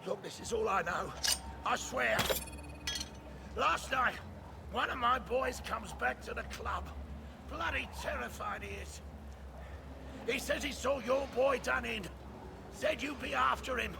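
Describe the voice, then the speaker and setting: An actor playing a cruel, gloating crime boss with a gravelly, sneering voice. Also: male voice, very high voice, measured pace, long pauses, full character voice. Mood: defensive. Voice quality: gravelly, sneering, swears a lot. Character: menacing crime boss, middle-aged man, gloating and cruel. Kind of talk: video game voice acting. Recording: game audio with loud noise.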